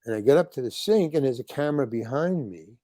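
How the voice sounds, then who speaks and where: An older man, a guest on an interview show, telling a long anecdote in an animated, rambling way and acting out the lines of the people in it. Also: medium pitch, quick pace, dry recording. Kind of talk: storytelling anecdote.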